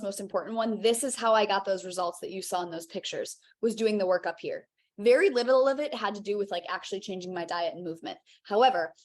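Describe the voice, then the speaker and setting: A young woman leading a live online health coaching session, energetic and encouraging, checking in often with her viewers. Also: medium pitch. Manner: energetic, encouraging, casual with frequent "okay?" check-ins. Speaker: health and weight loss coach.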